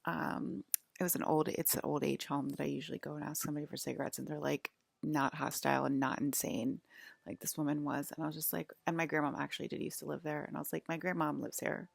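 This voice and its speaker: A young woman talks to camera in a loose, rambling way, stacking up filler words as she tells a story. Her voice sits low and is heavily gravelly with fry, and the sound is dry and close. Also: level tone, fast, no echo. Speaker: vlogger.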